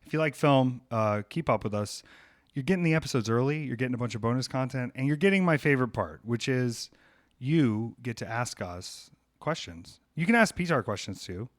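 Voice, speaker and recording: A man's voice: mid-range voice, animated, fairly quick, dry recording, clean studio sound. Rambling jokey male podcast host. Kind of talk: casual chat.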